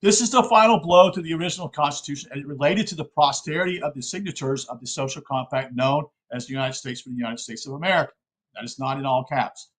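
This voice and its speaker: A man's voice: fairly high pitch, fast talker, fairly bright tone, poor audio. A man from South Carolina giving an informal, earnest spoken lecture, often checking in with his listeners. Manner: earnest, addresses listeners as folks, frequent okay checks.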